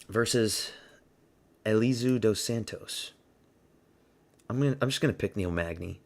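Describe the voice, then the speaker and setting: A man hosting his own channel, talking through casual fight predictions in a blunt, rambling way, thinking aloud as he goes. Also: on the low side. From United States. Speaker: host.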